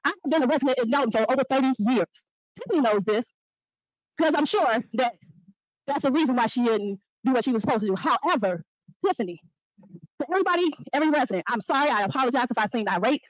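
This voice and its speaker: Impassioned high-voiced woman, dry sound. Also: expressive, quick pace, no room sound, rough recording. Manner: impassioned, accusing. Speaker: resident speaking at a public meeting. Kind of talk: public comment.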